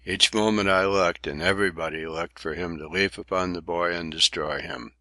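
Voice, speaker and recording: A male audiobook narrator reads a classic sea novel in a measured, literary way. His voice sits very low yet comes across bright and forceful, and the recording is dry and close. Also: fairly even intonation, no room sound. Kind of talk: scripted narration.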